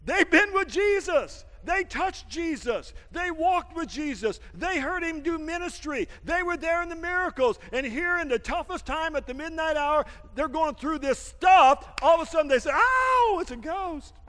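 A man preaching a lively sermon, laughing often and swinging from shouts down to hushed asides, with a folksy habit of saying "man.". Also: extremely high pitch, normal speed, hardly any pauses, long reverb tail. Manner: folksy, calls everyone "man". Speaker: pastor.

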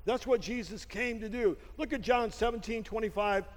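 A man's voice: high voice, normal speed, in a large hall. An older man, a pastor, preaching a sermon in a loose, joking, conversational way, with frequent amens. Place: church sanctuary.

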